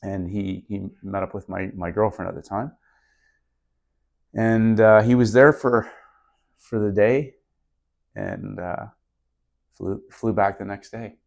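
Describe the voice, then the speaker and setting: A man's voice: lowish voice, steady tone, slow pace, gravelly, long pauses, a little mellow. A middle-aged man, a podcast guest, telling a story in an earnest, reflective way during a casual interview.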